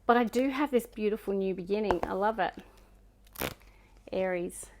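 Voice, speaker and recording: A woman with a Scottish accent talks through a tarot spread in a relaxed, chatty way. She muses aloud as she reads each card and often drops into soft murmurs between them. Her pitch sits in an ordinary middle range. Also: fast, slight background noise. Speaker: tarot reader. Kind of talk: casual tarot card reading.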